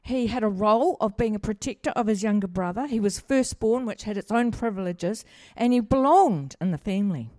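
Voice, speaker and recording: Fairly quick and barely pausing, a middle-aged woman pastor preaches in a warm, expressive, mid-range voice. She weaves personal stories into a chatty, humorous sermon and asks the congregation questions. The sound is clean studio audio with no echo.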